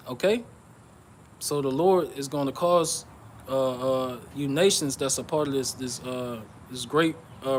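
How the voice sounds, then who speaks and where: A man giving an informal sermon on prophecy, reading scripture aloud and explaining it, often checking in with "okay?" and "all right?" and pausing with "uh". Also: on the high side, a bit bright, slight background noise. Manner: pauses with "uh" and restarts. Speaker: bible teacher.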